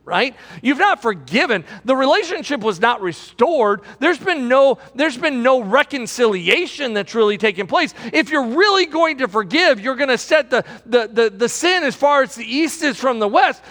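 A man's voice: very high-pitched, expressive, moderate pace, a bit bright, big-room sound. A man preaching a sermon as pastor in a large auditorium, building with emphasis and repeating his phrases.

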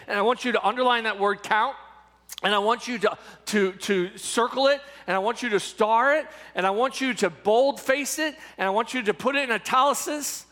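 A man's voice: extremely high pitch, a little fast, sharp tone, long reverb tail. A man preaching a sermon as pastor, emphatic and repetitive, turning to the congregation with questions.

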